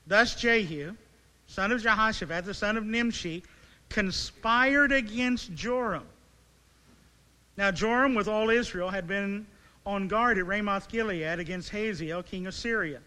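Slow deliberate male preacher, sharp bright tone, dramatic storytelling, pauses a lot. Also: high-pitched, clean tone. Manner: reads scripture, then retells it as vivid dramatic storytelling; asks rhetorical questions with emphatic pauses. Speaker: pastor. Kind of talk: sermon. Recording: long reverb of a large hall.

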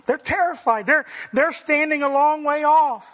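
A man preaching a sermon, emphatic and rising to forceful declarations. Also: extremely high pitch, moderate pace, few pauses, big-room sound. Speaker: pastor.

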